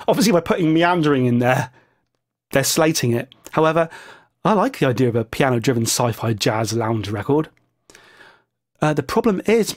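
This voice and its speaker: A man giving a rambling, jokey vlog commentary full of chatty asides. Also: medium pitch. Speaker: vlogger. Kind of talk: casual opinion vlog commentary.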